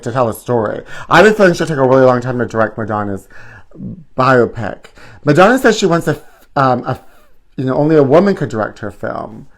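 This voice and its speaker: A man hosting a live stream, chatting to viewers in a campy, sassy, rambling way. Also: medium pitch.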